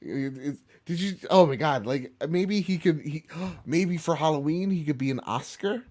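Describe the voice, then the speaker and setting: A man's voice: fairly high pitch, moderate pace, a little mellow. A man hosting a gaming podcast, joking around in a rambling, casual way. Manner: joking, rambling, lots of fillers. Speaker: podcast host. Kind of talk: casual chat.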